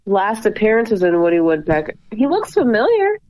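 A woman's voice: medium pitch, huge pitch swings, brisk, darkish tone. A young woman co-hosting a podcast over a phone call, casual, brash and swearing. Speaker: podcast co-host. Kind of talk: casual chat. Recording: dull dry phone audio.

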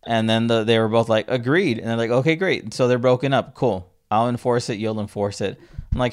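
A man's voice: medium pitch, a little fast, smooth. A young man co-hosting a casual podcast, rambling and stumbling over his words with frequent laughs. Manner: rambling, self-interrupting, laughs often. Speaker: podcast co-host.

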